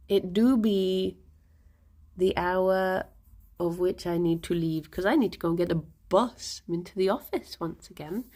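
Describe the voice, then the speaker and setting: A woman's voice: fairly low pitch, unhurried, dark tone. A young British woman chatting casually on a livestream from home, giggly and playful, cooing to her pet rabbits. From United Kingdom. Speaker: streamer. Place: home, indoors.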